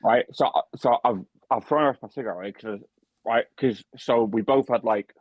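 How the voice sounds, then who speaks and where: A man's voice: mid-range voice, normal speed, no room sound. A young man co-hosting a podcast, telling a story in casual chat, swearing heavily with lots of restarts and fillers. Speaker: podcast co-host and barman. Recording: dry, dull lo-fi podcast mic.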